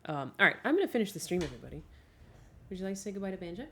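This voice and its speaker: A woman's voice: fairly low pitch, sing-song, rapid-fire, sharp tone, a little hiss or hum. A woman streamer chatting casually, laughing often and rambling through asides.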